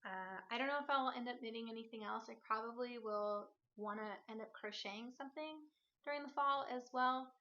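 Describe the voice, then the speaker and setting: A woman's voice: a little high, brisk, bright, forceful tone, lo-fi sound. A woman hosting a knitting podcast, talking casually and rambling a bit as she shows her yarn. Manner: chatty, rambling, with fillers and self-corrections. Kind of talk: casual show-and-tell chat.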